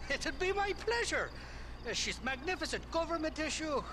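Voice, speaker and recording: An actor playing a shifty, fast-talking Irish male drifter in a video game, rambling and wheedling. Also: very high-pitched, big pitch swings. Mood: chatty. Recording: game audio with clear background noise.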